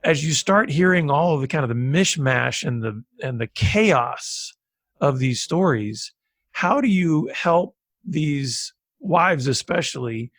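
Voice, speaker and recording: A man's voice: fairly high pitch, expressive, takes it slowly, fairly bright tone, no room sound, studio quality. A man hosting a podcast interview, asking long, winding questions. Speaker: podcast host.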